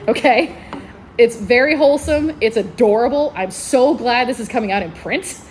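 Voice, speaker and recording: A woman's voice: fairly high pitch, normal speed, a little mellow, a little hiss or hum. A woman librarian giving enthusiastic book recommendations at a convention panel, laughing often as she talks. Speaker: librarian presenting book picks.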